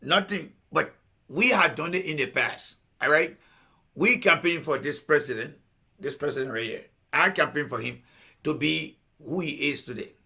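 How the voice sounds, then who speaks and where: A man's voice: fairly high pitch, normal speed, gravelly, sharp tone, husky. A Liberian man hosting a live political commentary stream, combative and repeating pointed rhetorical questions. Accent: Liberian English.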